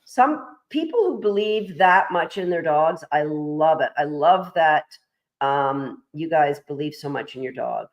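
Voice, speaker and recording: A woman's voice: sits low, expressive, measured pace, dull audio. A woman hosting a casual panel chat, enthusiastic and encouraging as she reads out viewer comments. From Canada. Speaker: host of agility training livestream.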